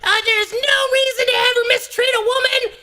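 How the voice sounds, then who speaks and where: A man voicing a shrill, self-righteous little bird in a squeaky falsetto, preachy and shrieking with outrage. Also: flat delivery, moderate pace, bright, forceful tone, exaggerated voice.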